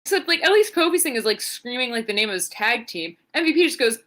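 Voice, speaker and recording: A woman's voice: on the high side, very animated, fast, a bit bright. A young adult woman co-hosting a podcast, giving a sarcastic, profane, rambling play-by-play recap. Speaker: podcast co-host. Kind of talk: casual wrestling recap.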